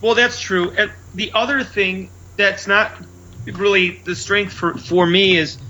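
Loud, brash high-voiced man. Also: fairly even intonation, a little slow, dull audio, slight background noise. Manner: loud, brash storyteller who acts out his own lines. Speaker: comedian and show headliner. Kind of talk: casual chat.

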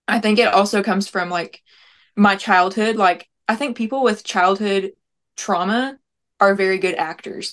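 A woman's voice: lowish voice, fairly bright tone. Chatty young woman, filler-heavy. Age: young adult. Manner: rambling, many "like" fillers. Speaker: guest, prank-call comedian. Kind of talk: casual interview chat.

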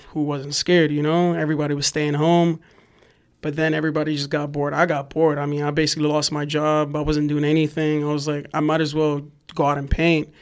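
A man tells a wild street story in loose, casual chat. His voice sits a bit high for a man, and he jumps into loud shouted impressions of the people in the story. He swears freely and fills every gap with "like.". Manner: animated, profane, lots of "like", acts out yelling voices. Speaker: graffiti writer guest.

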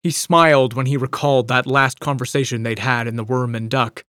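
A man's voice: mid-range voice, steady tone, a little fast, fairly bright tone, dry recording. Male audiobook narrator, dry storytelling read, no room sound. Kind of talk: scripted narration.

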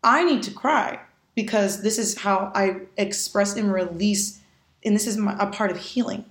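A woman's voice: medium pitch, normal speed. Candid, emphatic woman in an echoey room. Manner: candid and emphatic, with blunt swearing. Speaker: podcast guest. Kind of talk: casual podcast conversation.

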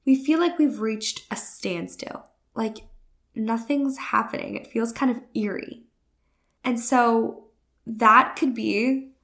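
A woman hosting a podcast and giving an earnest, casual spiritual self-development monologue, with frequent "like" fillers. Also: on the high side. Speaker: podcast host.

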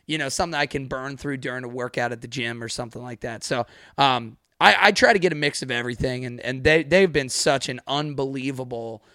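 A man hosting a podcast in casual chat, energetic and talkative with frequent laughs. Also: medium pitch, brisk, few pauses, dry recording, clean studio sound. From Mid-Atlantic United States. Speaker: podcast host.

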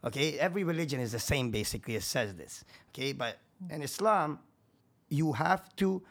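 A man's voice: a little high, animated, normal speed. A man, a contractor and podcast guest, talking in casual chat with a profane, emphatic, preachy manner.

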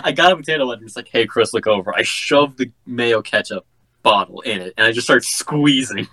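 A man's voice: mid-range voice, brisk, pushed and bright. A young man co-hosting a podcast in casual chat, mixing stories with short dry quips. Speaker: podcast co-host.

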